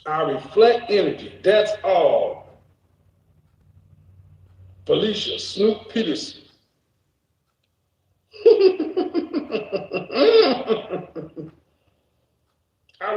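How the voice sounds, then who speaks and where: A man's voice: high voice, big pitch swings, extremely slow, long pauses, a little mellow, roomy sound, poor audio. A man hosting a casual reaction stream, joking around, cursing and laughing often. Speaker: streamer host.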